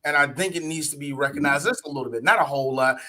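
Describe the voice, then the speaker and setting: A man's voice: on the high side, quick pace, bright, forceful tone. A man co-hosting a podcast in casual, profane banter, with a lot of laughter. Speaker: podcast co-host. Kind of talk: casual chat.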